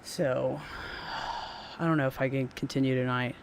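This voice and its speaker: A man's voice: medium pitch, steady tone, a little slow, vocal fry, slight background noise. A man talking casually to his live-stream audience, rambling and blunt, full of fillers and swearing. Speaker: game streamer.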